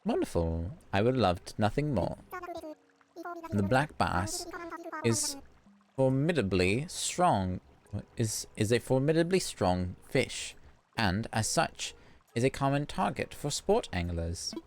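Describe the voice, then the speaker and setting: A woman's voice: rumbling low, very animated, slow, darkish tone, a little hiss or hum, exaggerated voice. Blathers, woman putting on a pompous owl curator. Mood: lecturing. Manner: formal, grandiloquent phrasing. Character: pompous, fussy male owl museum curator.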